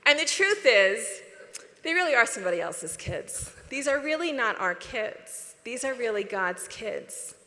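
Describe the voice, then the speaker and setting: Middle-aged woman speaker, lively and direct, fairly high voice, reverberant hall. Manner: lively, direct, drops to a whisper. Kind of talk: motivational talk to an audience. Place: large convention hall.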